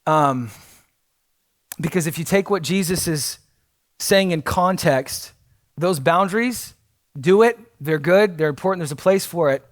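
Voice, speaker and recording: A man's voice: a little high, measured pace, long pauses, dry recording, clean studio sound. A man preaching a sermon as pastor, earnest and blunt, with frequent fillers and restarts.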